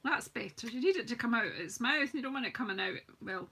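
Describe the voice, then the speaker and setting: A woman's voice: a little high, animated, fairly quick, vocal fry, sharp tone, a little hiss or hum. A middle-aged woman hosting a live cardmaking demonstration, chatting and poking fun at herself while greeting viewers. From United Kingdom. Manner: chatty and self-mocking, greets viewers from the comments. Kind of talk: live crafting demonstration, casual chat.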